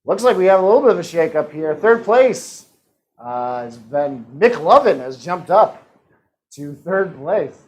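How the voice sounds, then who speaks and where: A man's voice: a little high, big pitch swings, a little mellow, low-quality recording. A man hosting a live-streamed trivia game in a casual, joking manner. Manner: upbeat, joking asides and quick laughs. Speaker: trivia host.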